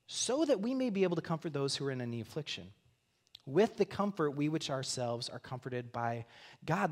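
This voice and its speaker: Male pastor, slightly high voice, earnest reflective sermon delivery with hushed asides. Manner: earnest, reflective, drops to soft near-whispers. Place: church sanctuary.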